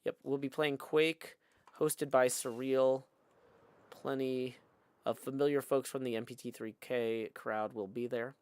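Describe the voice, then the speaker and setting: A man's voice: medium pitch, fairly even intonation, a little slow, clean tone. A man hosting a live game stream, chatting casually and reading viewer messages aloud.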